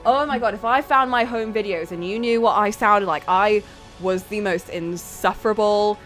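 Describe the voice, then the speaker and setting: A woman's voice: mid-range voice, moderate pace, over music. A young British woman streamer telling stories in casual chat, laughing often. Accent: British English. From England. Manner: chatty, laughs a lot while telling stories.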